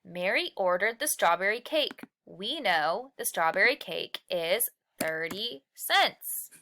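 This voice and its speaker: A woman teacher with a bright, clear voice and lively pitch that swings up and down as she talks. She explains patiently, step by step, drawing words out slowly for emphasis and asking young learners questions along the way. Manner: stretches and slows key words for emphasis. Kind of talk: recorded lesson walkthrough.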